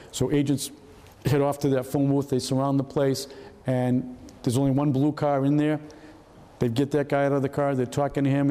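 A man's voice: mid-range voice, warm tone, long reverb tail. A man in his seventies from Massachusetts, giving a storytelling talk with slides in a casual way. He often repeats words and acts out dialogue. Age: 70s. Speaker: retired FBI agent giving a talk.

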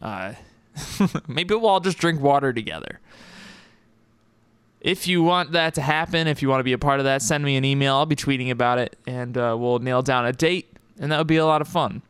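A relaxed male podcast host chatting and signing off with listeners. His voice is smooth and crisp, recorded close and dry with no room sound. He talks loosely, with plenty of "uh"s and easy laughs. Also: medium pitch, moderate pace, no echo. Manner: laid-back, laughs easily, trails off with fillers. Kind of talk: casual podcast chat.

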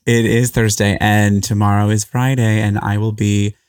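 A man's voice: on the low side, flat delivery, normal speed, a little mellow, clean tone, no room sound, studio quality. A young man co-hosting a casual comedy podcast, rambling and correcting himself, laughing often. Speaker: podcast co-host.

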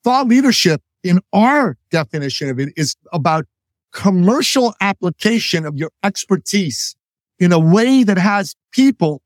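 Man, podcast guest, confident coach-like explaining, somewhat high voice, dry recording. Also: a little mellow, no echo. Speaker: podcast guest, business author. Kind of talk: interview answer, explaining concepts.

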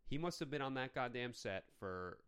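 A man's voice: mid-range voice, animated, normal speed, a bit bright, clean tone. A man co-hosting a casual movie review podcast, ranting sarcastically and swearing. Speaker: podcast co-host.

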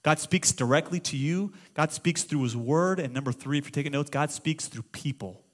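A middle-aged man preaching a sermon as pastor, moving between loud exclamations and hushed storytelling. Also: fairly high pitch, moderate pace. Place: church auditorium.

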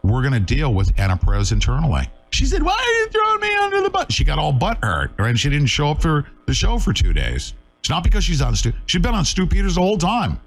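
A middle-aged man hosting a live talk show, talking urgently and emphatically, scolding his viewers. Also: on the high side.

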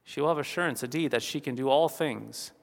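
A pastor giving a funeral sermon, earnest and steady, returning to key phrases again and again for emphasis. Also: male voice, mid-range voice, a little fast, creaky, long reverb tail.

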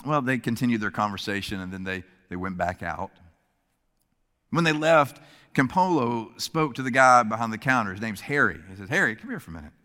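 A male preacher tells a story in a sermon, animated and switching voices for the characters. His voice is bright and forward. It rings out with a long reverb in a church hall. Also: medium pitch, moderate pace. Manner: animated, shifts voice to act out characters.

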